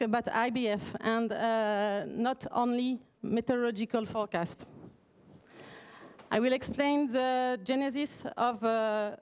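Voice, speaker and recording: Hesitant French-accented woman presenting. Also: high voice. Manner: hesitant, many fillers and restarts, apologetic. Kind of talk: conference presentation.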